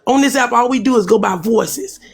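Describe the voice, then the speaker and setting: A woman with a husky voice, a guest on a livestream, earnestly advising the host and asking repeated questions. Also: fairly high pitch, fairly quick. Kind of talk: casual livestream talk.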